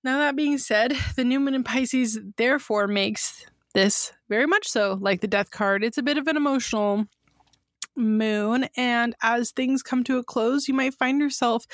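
Bubbly woman co-host, bright-ish high voice, dry close sound. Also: no room sound. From Bay Area, California. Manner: bubbly, laughs often, swears casually. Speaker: podcast co-host. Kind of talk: casual podcast chat.

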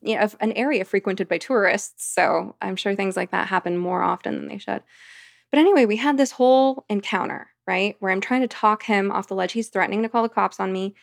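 An American woman appearing as a podcast guest tells a long personal story in a rambling, vivid, conversational style. Her mid-range voice is brisk and gravelly, captured with clean studio sound and no echo.

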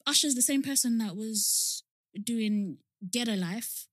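A young woman co-hosting a podcast in casual chat, animated and chatty, quick to laugh. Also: fairly high pitch, no echo, studio quality. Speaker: podcast co-host.

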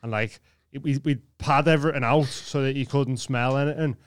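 A man's voice: mid-range voice, fairly even intonation, fairly quick, clean tone, no room sound. A man, co-hosting a podcast in casual chat, swearing freely and acting out quoted voices. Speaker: podcast co-host. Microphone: studio mic.

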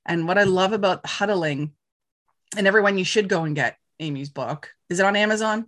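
A woman's voice: mid-range voice, brisk, a bit bright. A woman hosting a podcast interview, affirming her guest with many short agreements. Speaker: podcast host.

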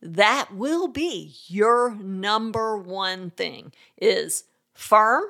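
A woman with a noticeably gravelly edge to her voice co-hosts a parenting show, giving practical and firm advice. Her pitch is middling, and she talks casually and laughs easily. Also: expressive, drawn-out words, fairly bright tone. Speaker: parenting podcast host.

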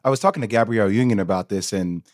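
A man hosting an interview podcast who asks relaxed, open questions and reads promo lines for the show. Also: lowish voice, very fast, no echo, clean studio sound. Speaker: podcast host. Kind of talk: conversational interview and scripted promo.

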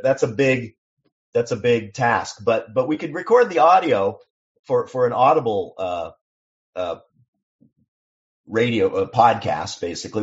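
A man from Seattle, a songwriter guest on a podcast, explaining things in a measured way with frequent restarts. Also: mid-range voice, dull audio. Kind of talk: casual interview chat.

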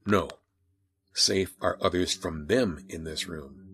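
A man narrating a first-person horror story in a grim, deliberate manner. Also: low-pitched, a bit bright.

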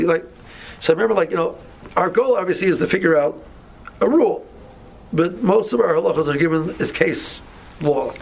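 A man's voice: fairly high pitch, expressive, moderate pace, creaky, pauses often, husky, low-quality recording. A man teaching an informal Torah class, talking conversationally with many restarts and asides.

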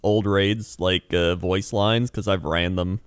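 Young male gamer, low voice, relaxed chatty delivery, dry close mic. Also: slow, clear, resonant tone, no room sound. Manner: laid-back, laughs often, imitates game voice lines. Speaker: gamer and streamer. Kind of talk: casual chat.

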